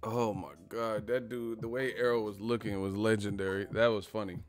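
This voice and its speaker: A man's voice: lowish voice, level tone, moderate pace. Profane, loose-talking male stream host. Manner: loose, profane, filler-heavy banter. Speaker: boxing live-stream host. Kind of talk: casual live-stream commentary.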